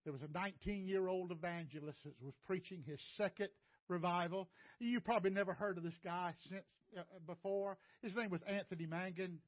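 Older male preacher, high voice, emotional testimony with cries and hush, dry muffled feed. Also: a little fast, no room sound. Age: 60s. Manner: impassioned, rising to near-shouts and breaking toward tears. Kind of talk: testimony sermon.

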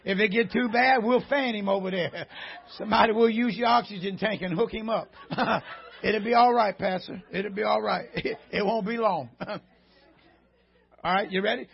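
A high-voiced man preaching in a church, his voice husky and breathy. He swings from folksy country jokes to loud shouted preaching. The recording is dull and lo-fi. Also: normal speed. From rural Southern United States. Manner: joking folksy banter rising to shouted preaching. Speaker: guest preacher. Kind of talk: sermon. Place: church sanctuary before a congregation.

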